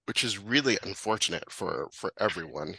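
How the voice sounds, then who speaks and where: A man's voice: deep voice, expressive, normal speed, gravelly, bright, forceful tone, husky, no room sound, low-quality recording. A man co-hosting a podcast in casual chat, nasal and congested from a cold, laughing often and filling with ums. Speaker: podcast co-host.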